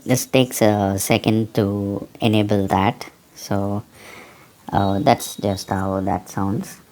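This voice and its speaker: A man's voice: fairly low pitch, fairly even intonation, slow pace, a little mellow. A man speaking casually through a voice changer set to a female preset. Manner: casual, explanatory.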